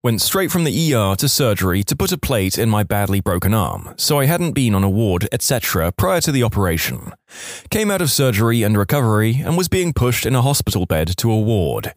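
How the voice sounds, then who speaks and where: A man narrating online stories aloud with wry, expressive storytelling. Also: lowish voice, brisk, no room sound, clean studio sound.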